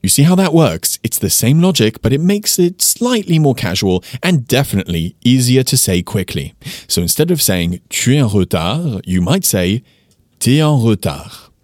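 A man hosting a podcast, teaching French pronunciation with clear, patient explanations and slowly spelled-out examples. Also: medium pitch, sing-song, a little mellow, no echo, clean studio sound. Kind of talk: scripted language lesson.

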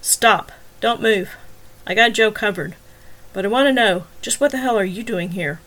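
A woman's voice: medium pitch, normal speed, fairly bright tone, natural voice. Woman voicing a blunt male detective. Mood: stern. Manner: blunt, demanding questions. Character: gruff middle-aged male detective, a father.

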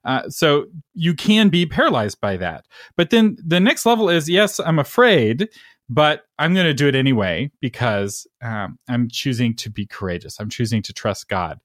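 Man, mid pitch, very animated intonation, teaching tone, dry close mic. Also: moderate pace, dry recording. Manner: explanatory, preacher-like, checks in with "right?". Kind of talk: casual faith conversation.

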